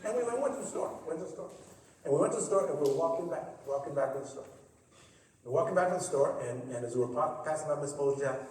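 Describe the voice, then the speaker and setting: A man giving a personal storytelling speech at a forum, animated and full of repeated starts as he acts out the people in his tales. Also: on the high side, fast. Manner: animated, repetitive, acts out voices. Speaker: forum speaker. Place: college theater stage. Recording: echoey theater hall, distant mic.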